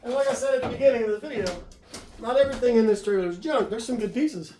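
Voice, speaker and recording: A man unloading a trailer of car parts outdoors in the cold, out of breath and talking while he works. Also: very high-pitched. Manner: talks while lifting and hauling, breathy pauses. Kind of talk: casual narration while working. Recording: echoey, distant camera audio with clear noise.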